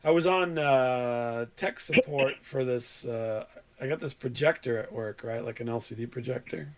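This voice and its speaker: A man with a cold-roughened, hoarse voice chatting casually as a podcast host. He rambles through a long story at a mid pitch and often breaks into laughter. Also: normal speed. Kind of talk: casual chat.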